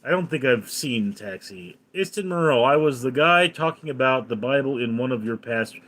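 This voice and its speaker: A man's voice: medium pitch, lively intonation, moderate pace, a bit bright. A man hosting a casual live stream, reading viewer comments aloud and answering them offhandedly. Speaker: livestream host.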